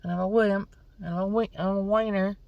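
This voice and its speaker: A woman's voice: mid-range voice, steady tone, a little fast, vocal fry, a little mellow, dry recording, lo-fi sound. A middle-aged woman telling a personal story in a casual vlog, emotional and close to tears, acting out what others said. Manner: emotional, tearful retelling; acts out others' lines in quotes. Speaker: vlogger.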